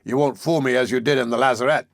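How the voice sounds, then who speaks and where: A man's voice: mid-range voice, fairly even intonation, quick pace, no room sound, studio quality, lightly acted. A man doing a sneering brutal sea captain. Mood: menacing. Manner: sneering, threatening. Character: blind brutal male sea captain, menacing.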